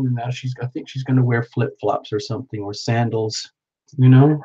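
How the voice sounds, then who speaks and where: Over a dull lo-fi recording, a playful man paints while chatting with his live viewers, narrating each step and exclaiming often. His medium-pitched voice is warm with a breathy edge, and he speaks at a moderate pace.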